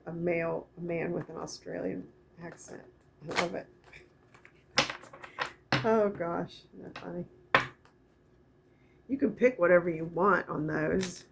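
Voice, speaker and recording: A middle-aged woman giving a casual spiritual oracle card reading, talking in a soft, meandering way and reading card texts aloud slowly. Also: fairly low pitch, gravelly, noisy background.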